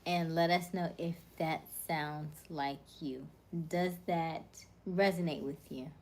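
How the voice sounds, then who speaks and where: A woman's voice: sits low, steady tone, takes it slowly, darkish tone. A woman hosting a casual livestream, reading viewers' comments and rattling off personality traits in short, upbeat lists. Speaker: livestream host.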